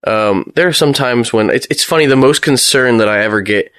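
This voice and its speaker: A young American photographer speaks in a mid-range, clear, resonant voice, recorded clean in a studio with no echo. In a casual interview he tells stories fast and with animation, acting out the exchanges he quotes.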